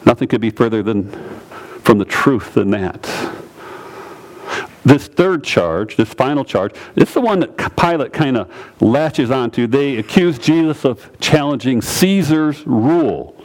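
A man's voice: medium pitch, a little slow. A man preaching a sermon, teaching through a scripture passage and repeating phrases for emphasis. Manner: animated, repeats phrases, quotes scripture in character.

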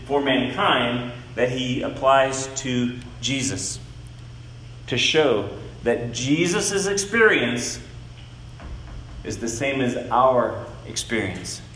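Slow, deliberate male Bible teacher. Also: mid-range voice, a bit bright, reverberant, a little hiss or hum, rough recording. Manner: slow, deliberate, emphatic, leans on key words.

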